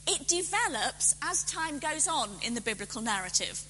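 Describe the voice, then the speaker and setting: A woman lecturing in a high, animated voice with a bright, forceful edge. She talks conversationally and fixes her own slips as she goes. The sound carries a long hall reverb with a faint hum underneath. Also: moderate pace. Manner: lively, self-correcting, conversational lecturing. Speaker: theologian lecturing. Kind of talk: public lecture.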